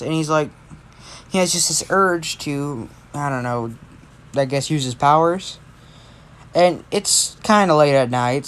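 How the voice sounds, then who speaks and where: A tired amateur storyteller improvising a fan story, rambling and correcting themselves as they go. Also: medium pitch. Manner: rambling, self-correcting, unscripted.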